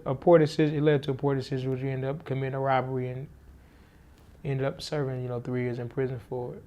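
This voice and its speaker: A young man in a documentary interview, talking lively and repeating words as he gets going. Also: mid-range voice.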